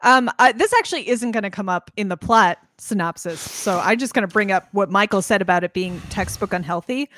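A woman co-hosting a casual movie podcast, acting out scenes in quick voices. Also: medium pitch, dry recording. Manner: animated, acts out scenes in voices. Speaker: podcast co-host.

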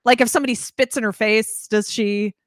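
A woman co-hosting a casual movie podcast, acting out scenes in quick voices. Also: a little high, slight background noise. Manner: animated, acts out scenes in voices. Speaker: podcast co-host.

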